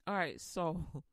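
A woman's voice: fairly low pitch, no echo, clean studio sound. A woman hosting a comedic sermon podcast, preaching in casual slang and acting out scenes. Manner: animated, slangy, acts out Bible voices. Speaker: host, lay preacher.

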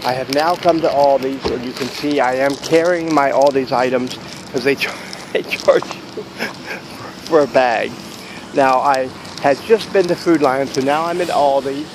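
A man's voice: medium pitch, measured pace, background noise. A man chatting casually to camera in a vlog outside a store, rambling and joking about deals. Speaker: vlogger.

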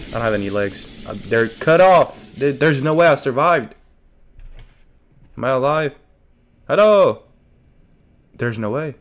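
A man's voice: on the high side, a little slow, long pauses, a little hiss or hum. A man giving casual gameplay commentary as a streamer, joking to himself and his chat and yelping at scares. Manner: jokey, talks to himself and chat, yelps at scares. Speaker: let's play streamer.

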